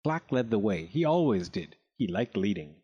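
A man reading a story aloud with expressive, dramatic narration. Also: fairly low pitch, normal speed, slightly rough, dull audio.

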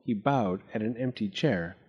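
A man narrating a children's storybook aloud in an expressive, animated way. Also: on the low side, moderate pace, breathy edge, lo-fi sound. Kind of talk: storybook reading.

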